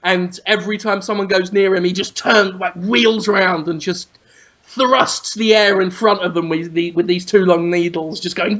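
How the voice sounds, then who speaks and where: A man's voice: high-pitched, moderate pace. A man telling an absurd, vulgar comic story as a podcast co-host. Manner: animated, vulgar, deadpan absurd. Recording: dull lo-fi audio.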